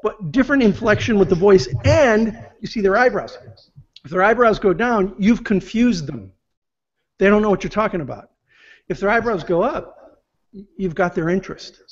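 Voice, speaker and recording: A man's voice: high voice, lively intonation, normal speed. A man giving business advice as an interview guest, explaining step by step and acting out example phrases. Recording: muffled lo-fi audio.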